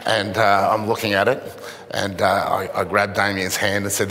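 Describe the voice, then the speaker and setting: A middle-aged man, a charity chief, telling stories in a keynote speech, halting and self-mocking. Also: fairly low pitch, level tone, very noisy. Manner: halting storytelling with dry self-mocking humor. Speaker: charity CEO, event speaker. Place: event venue with an audience. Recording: echoey event hall reverb.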